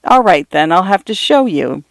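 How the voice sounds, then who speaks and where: A man's voice: high voice, big pitch swings, normal speed, vocal fry, no echo, full character voice. A male narrator voicing a divorced father who teases his young daughters tenderly and playfully. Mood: teasing, tender.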